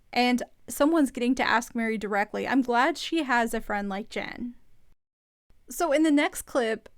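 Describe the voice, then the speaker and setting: A woman's voice: a little high, no echo, clean studio sound. Chatty woman recapping a show. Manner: chatty, opinionated, amused. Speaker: podcast host recapping a reality show. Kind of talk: casual commentary.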